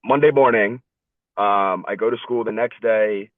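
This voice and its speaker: A young man speaks on a video call, sharing a story in an earnest, conversational way and checking in with "right?" as he goes. His voice sits a little low. The audio is narrow and phone-like, with no room sound. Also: normal speed, no echo. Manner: earnest, conversational, repeats words and keeps asking "right?". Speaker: guest speaker. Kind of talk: storytelling in a webinar talk. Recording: thin phone-line sound, dry.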